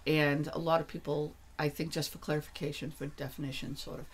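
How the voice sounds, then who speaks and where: A New Hampshire author and energy worker, appearing as a guest, talks casually about her spiritual work, blunt and emphatic, swearing freely as she grows heated and insistent. Her low voice is flat and brisk, with a little hiss or hum in the recording.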